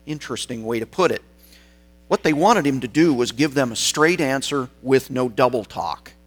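A man's voice: mid-range voice, fairly bright tone. Male preacher, emphatic explanatory sermon delivery, faint mains hum. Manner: explanatory, emphatic, slows on key words.

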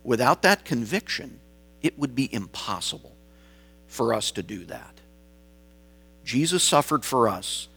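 Slow, deliberate preaching man. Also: medium pitch, big pitch swings, creaky, pushed and bright, breathy edge, soft background music. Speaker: pastor. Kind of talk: sermon.

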